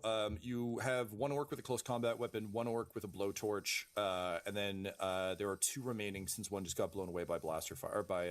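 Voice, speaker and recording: A man narrating as game master of a tabletop game, pausing often with ums and uhs. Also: fairly low pitch. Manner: hesitant, many ums and uhs.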